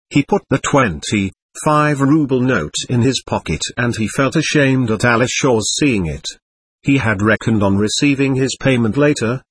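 A man narrating a classic novel as an audiobook with expressive storytelling, on a close mic. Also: medium pitch, husky, no echo.

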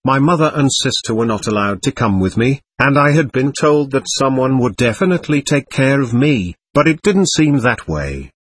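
A man's voice: mid-range voice, sing-song, normal speed, hardly any pauses, breathy edge, no room sound. A man reading a first-person story aloud in a plaintive, earnest way. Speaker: narrator.

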